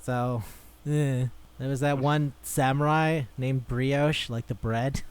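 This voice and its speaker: A man's voice: mid-range voice, steady tone, slow, clean tone. A man co-hosting a podcast in casual chat, rambling, swearing freely and laughing often. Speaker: podcast co-host.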